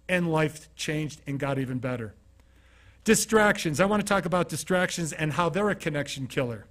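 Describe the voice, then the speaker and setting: A man's voice: on the high side, lively intonation, fairly quick, a bit bright. A middle-aged man from Utah giving a motivational talk, telling personal stories and acting out the dialogue. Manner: storytelling, acting out quoted dialogue. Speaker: keynote speaker. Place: studio.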